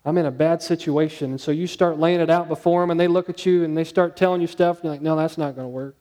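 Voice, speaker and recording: A man preaching a conversational sermon, asking his listeners questions and dropping to a hushed tone on key points. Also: on the high side, level tone, quick pace. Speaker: pastor.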